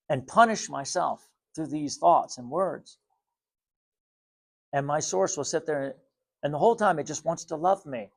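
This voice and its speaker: A man giving a spiritual talk to viewers, calm, repetitive and gently insistent. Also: fairly high pitch, unhurried, gravelly, pauses often. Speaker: spiritual teacher.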